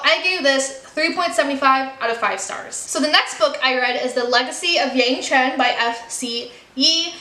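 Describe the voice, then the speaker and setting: A woman's voice: sits high, pushed and bright, echoey room. A woman from the United States chatting candidly in a casual book review vlog, with frequent "like" and "you know.". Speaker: book vlogger.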